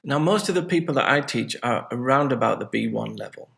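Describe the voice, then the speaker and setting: Gravelly-voiced male English teacher. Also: mid-range voice, expressive, brisk, fairly bright tone. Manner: friendly, chatty, self-mocking asides. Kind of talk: casual video lesson.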